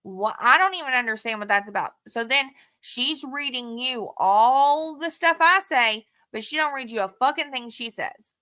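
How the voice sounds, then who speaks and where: Heated, bright-voiced woman venting. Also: sits high, lively intonation, moderate pace. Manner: frustrated and heated, heavy swearing. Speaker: vlogger. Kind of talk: casual talk to camera, reading out text messages.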